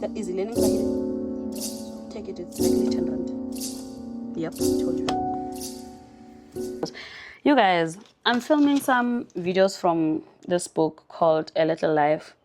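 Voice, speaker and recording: A South African woman vlogging in an expressive, emphatic and heartfelt way, chatting casually and reading a passage aloud. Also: on the low side, slow, long pauses, loud music behind the voice.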